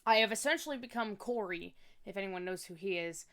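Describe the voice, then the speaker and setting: A woman's voice: medium pitch, animated, brisk, fairly bright tone. A young woman streamer rambling in a playful, self-mocking way during a casual drawing stream. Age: young adult. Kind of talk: casual chat while drawing.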